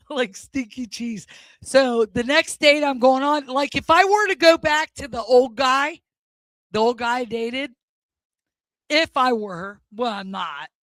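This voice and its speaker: A woman's voice: high-pitched, slow, fairly bright tone, dry recording. A woman doing an awkward, self-deprecating stand-up set at an open mic.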